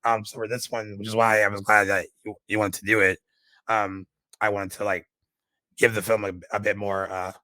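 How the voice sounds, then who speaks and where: A man's voice: fairly low pitch, little pitch movement, normal speed, sharp tone, no echo, poor audio. A man co-hosting a casual movie podcast, his voice a little shot, rambling with many fillers and restarts. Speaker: podcast co-host.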